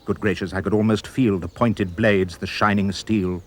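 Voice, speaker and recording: A man narrating a rhyming storybook in a playful, expressive way. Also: on the low side, normal speed. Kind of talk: storybook reading in rhyme.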